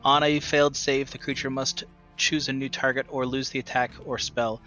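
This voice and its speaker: Bright-voiced male player thinking aloud. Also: mid-range voice, flat delivery, normal speed, dull audio, soft background music. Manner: eager, thinking aloud, reads rules out. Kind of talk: casual tabletop game chat.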